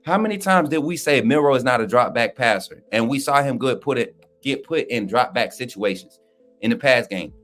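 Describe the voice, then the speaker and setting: A man's voice: mid-range voice, expressive, moderate pace, fairly bright tone, soft background music. A man co-hosting a livestream, talking sports in a fired-up, slangy, trash-talking way while reading chat. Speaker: livestream co-host. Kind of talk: casual fired-up sports talk.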